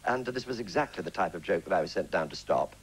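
Veteran English actor in his sixties, deep-voiced raconteur, for a 1980s TV studio interview. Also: fast talker, poor audio. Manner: lively storyteller, breaks into character voices and laughs. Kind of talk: anecdotal chat show interview. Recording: 1980s TV studio, faint hiss.

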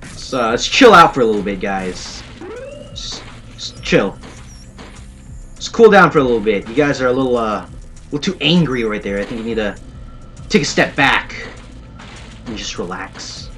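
Playing a shooter, this young gaming commentator keeps up a playful, sarcastic let's play patter full of jokey asides. He speaks fairly quickly at a medium pitch, with big swings in pitch and a slightly bright tone. Game music can be faintly heard in the background.

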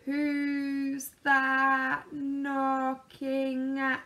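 A woman voicing a sluggish, sleepy little man from a storybook, dragging out every word in a very slow drawl. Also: high voice, monotone, a bit bright, voice pushed up, heavily acted. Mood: grumbling. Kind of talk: storybook character voice.

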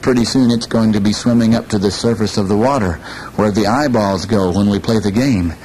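A small, careful crab from a storybook tale, polite and a little jittery, voiced by a male storyteller. His voice stays fairly low, with a faint rumble behind it. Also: fairly quick, a little mellow, natural voice, low-quality recording. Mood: cautious. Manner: polite, nervous and cautious.

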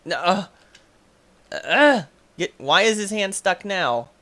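Excitable young man gaming commentary. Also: high-pitched. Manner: excitable, quick to frustration, yells at the game. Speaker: gaming YouTuber. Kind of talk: let's play commentary.

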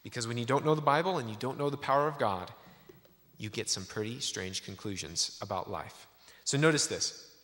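A man's voice: medium pitch, fairly quick, fairly bright tone. A man giving a sermon in a church, telling a story with many restarts. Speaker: preacher. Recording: echoey church hall.

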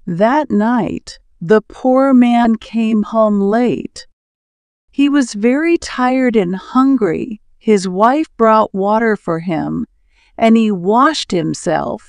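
A woman slowly reading a simple storybook tale aloud for English learners, pronouncing each word carefully. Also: mid-range voice, darkish tone, clean tone, dry recording.

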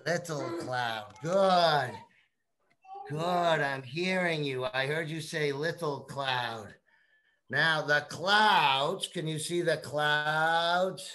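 A woman teaching young children, reading a picture book aloud in a slow, coaxing way and prompting them to repeat words. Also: low-pitched, a bit bright. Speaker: kindergarten teacher.

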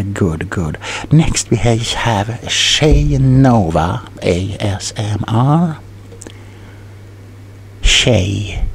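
A man's voice: on the low side, vocal fry, heavily acted. A man playing a rambling, scatterbrained tingle salesman in a whispered role-play, stumbling over his words. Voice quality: soft whispering. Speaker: ASMR role-play performer.

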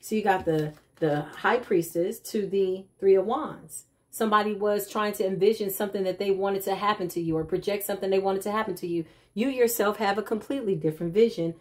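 A woman's voice: medium pitch, brisk, few pauses, a little mellow. A woman giving a casual tarot reading straight to her viewers, chatty and emphatic, with slangy asides. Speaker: tarot reader.

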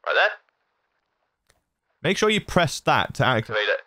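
A man's voice: mid-range voice, big pitch swings, moderate pace, bright, forceful tone, no room sound. A man casually walking through voice effects on his audio mixer, chatty and laughing at his own silliness, on a studio broadcast mic. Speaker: host demonstrating audio gear. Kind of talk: casual tutorial walkthrough.

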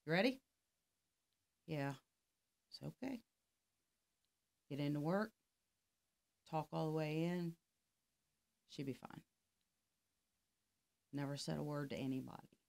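A woman's voice: deep voice, slow, vocal fry, long pauses, a little mellow. A middle-aged woman, a life coach, telling a story in casual conversation and acting out both sides of the dialogue. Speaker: podcast guest, life coach.

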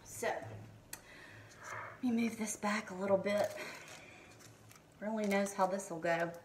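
A middle-aged woman with a drawl talks through a beauty haul in her kitchen, gushing and stopping for ums as she reads product labels aloud. Her voice is mid-pitched and sits a little away from the mic. A faint hiss stays under the whole recording. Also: steady tone, slow pace, recorded from a distance. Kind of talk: casual haul and unboxing chat. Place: home kitchen.

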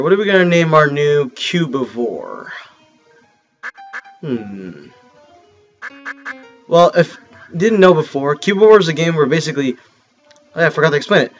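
A man doing casual gameplay commentary. He is excitable and joking, with sudden loud outbursts. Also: fairly high pitch, low-quality recording. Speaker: let's play host.

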